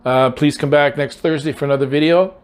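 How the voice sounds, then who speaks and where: A man's voice: a little high, fairly even intonation, brisk, clear, resonant tone. Chatty man hosting a cooking vlog. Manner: chatty, rambling with many fillers. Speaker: cooking channel host. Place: outdoors at a barbecue.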